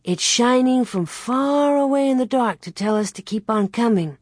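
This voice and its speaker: A woman's voice: on the high side, moderate pace, a little mellow, no echo, studio quality, voice pushed up, lightly acted. A woman reading an audiobook voices an earnest young pioneer girl who describes what she sees aloud. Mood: eager. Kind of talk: audiobook character voice.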